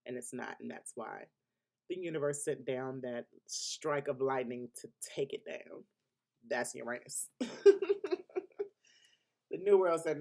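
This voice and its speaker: A man's voice: medium pitch, a little slow, gravelly, pauses often, darkish tone. A man giving a weekly astrology forecast in a casual, unscripted monologue. He is emphatic, often laughs between points, and talks loosely with restarts. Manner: loose colloquial speech with restarts.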